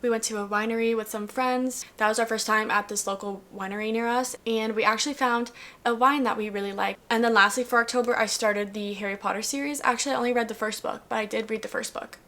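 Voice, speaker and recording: A woman's voice: on the high side, fairly even intonation, fast talker, a bit bright. A young woman in her twenties recapping her year in a casual, chatty vlog, upbeat and full of "like" fillers. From US South. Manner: bubbly, upbeat, lots of "like" fillers. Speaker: lifestyle vlogger.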